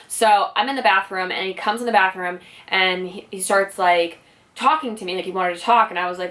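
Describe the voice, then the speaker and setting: A woman's voice: mid-range voice, a little fast, a bit bright. A woman vlogger telling a personal story in a casual, rambling way, full of "like" and "you know". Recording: voice slightly distant from mic.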